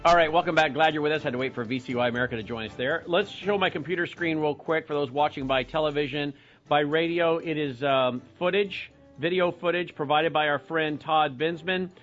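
A man hosting a radio and television call-in talk show, briskly reading out web addresses and phone numbers. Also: fairly high pitch, a bit bright, faint music behind. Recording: muffled broadcast audio.

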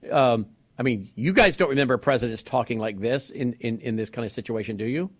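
A man's voice: mid-range voice, brisk, dry recording. A man hosting a broadcast talk show, explaining the news in a conversational way and asking his guests questions. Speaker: host. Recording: dry, slightly dull lo-fi sound.

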